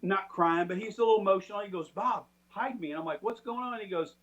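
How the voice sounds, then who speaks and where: A man with a high voice tells a story in a loose, chatty way. He puts on the voices of the people he quotes. He sounds middle-aged. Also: fast talker. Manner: animated, acts out quoted people. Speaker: storytelling guest. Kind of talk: casual storytelling.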